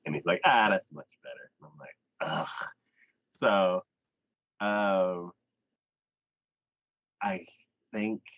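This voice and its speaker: A man hosting a live anime podcast, retelling an episode in a casual chat with quick voiced asides. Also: on the low side, fairly bright tone, no echo, lo-fi sound.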